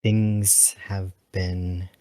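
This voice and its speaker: Man doing a deep-voiced, formal dolphin war pilot, measured delivery, dry close sound, tabletop role-play. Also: fairly even intonation, darkish tone, no room sound. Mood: gentle, formal. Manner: measured and formal, calls others "child".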